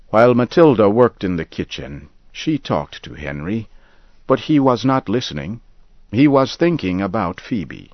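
Slow, deep-voiced male storyteller. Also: very animated, dry recording, muffled recording. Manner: deliberate, clearly paced. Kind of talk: slow scripted story narration.

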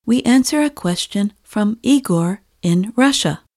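A woman teacher reading a scripted English lesson, enunciating each word clearly and deliberately. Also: medium pitch, expressive, a little mellow. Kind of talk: scripted slow teaching narration.

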